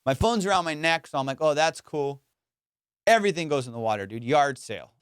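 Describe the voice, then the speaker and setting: Young dude on a podcast telling a wild story, kinda high voice, smooth and clear, dry close mic. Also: male voice, a little fast, no room sound. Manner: animated, swears, says "dude" and "bro" a lot. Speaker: podcast host. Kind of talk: casual storytelling.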